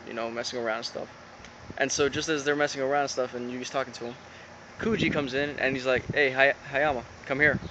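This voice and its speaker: A man talks through an episode recap in a loose, rambling way, full of "um"s and "he's like"s. His pitch sits in the middle, and the recording sounds dull and lo-fi with clear background noise underneath. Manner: rambling, with many fillers and retold quotes.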